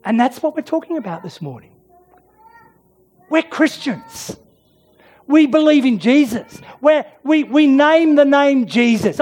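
Dramatic slow preacher dropping to whispers. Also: mid-range voice, husky. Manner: dramatic storytelling, swinging from loud emphasis to soft near-whispers. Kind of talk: sermon with prayer.

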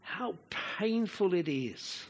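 A man preaching a sermon to a congregation, slow and expressive, sometimes chanting out the rhythms of verse. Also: high-pitched, slightly rough.

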